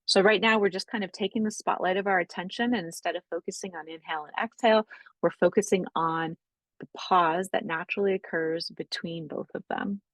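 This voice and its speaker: Low-voiced woman guiding slow breathing. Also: steady tone, no room sound, poor audio. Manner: slow, gentle, with frequent "like" and "right?". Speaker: breathwork teacher. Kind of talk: guided breathing instruction.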